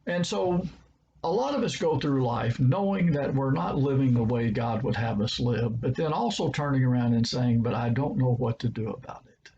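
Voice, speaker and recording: A man's voice: mid-range voice, normal speed, creaky, mellow, muffled recording, slight background noise. A man preacher with a Southern American accent giving a short devotional talk, earnest and stressing words by repeating them.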